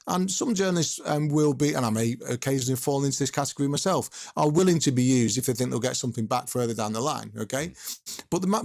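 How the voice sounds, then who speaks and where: A man's voice: mid-range voice, creaky, darkish tone, dry recording, studio quality. A middle-aged man from north-west England, a football journalist telling rambling anecdotes on a podcast over a video call. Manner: rambling storyteller with frequent restarts. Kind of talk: casual podcast chat, anecdotes.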